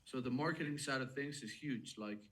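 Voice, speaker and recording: A man's voice: mid-range voice, fairly quick, a bit bright. A young man with a Colombian accent chatting casually as co-founder of a fitness coaching business. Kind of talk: casual chat.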